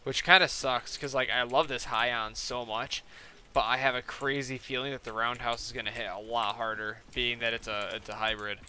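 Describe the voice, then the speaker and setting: A man's voice: medium pitch, fairly even intonation, moderate pace, bright, forceful tone, a little hiss or hum. Rambling young man streaming a game. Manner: rambling storytelling with many fillers and quoted back-and-forth. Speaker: gaming streamer. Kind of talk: casual live-stream chat while playing.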